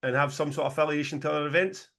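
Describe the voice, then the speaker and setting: Animated Scottish man, higher voice. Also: racing, gravelly. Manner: animated, sweary, laughing storyteller. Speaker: podcast co-host, promoter. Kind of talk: casual podcast chat.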